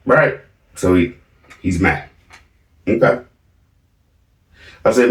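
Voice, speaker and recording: Speaking to his viewers about his family, a middle-aged man keeps things casual but emphatic, often asking "right?". He has a fairly low pitch and takes it slowly, pausing often. He's recorded off the mic, from a distance, in a roomy space.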